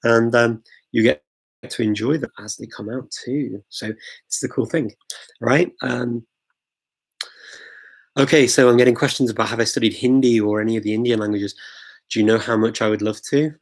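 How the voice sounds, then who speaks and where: Gravelly man chatting on a livestream. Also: medium pitch, fairly even intonation, moderate pace, pauses often, poor audio. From England. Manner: chatty and enthusiastic, many ums and restarts. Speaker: host of a live Q&A. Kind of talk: casual livestream chat answering viewer questions.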